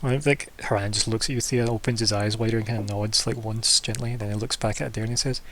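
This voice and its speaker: A man narrating as game master of a tabletop game, talking haltingly and restarting often. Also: on the low side, fairly even intonation, a bit bright.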